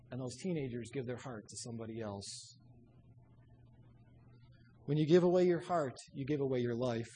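A man preaching a sermon in an emphatic, exhorting way, often dropping low and soft to drive a point home. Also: slightly rough.

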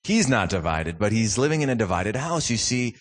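A man's voice: lowish voice, sing-song, brisk. A man from Minnesota in his thirties or forties giving a guest sermon in a church, mixing joking, self-deprecating family stories with fervent preaching. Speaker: guest speaker from a youth ministry.

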